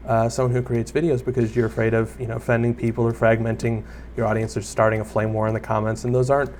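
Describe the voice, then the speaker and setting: A young man, a gaming YouTuber, chatters quickly through a block-building game in rambling Let's Play style, teasing himself and addressing both viewers and mobs. His mid-pitched voice barely moves in pitch and sounds a little mellow, with a light hum of ambient noise underneath.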